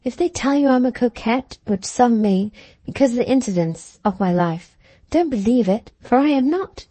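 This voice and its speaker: Storybook role: woman voicing a wealthy young lady, coaxing, lifted pitch, mellow tone. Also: animated, normal speed, dry recording. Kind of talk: audiobook character reading.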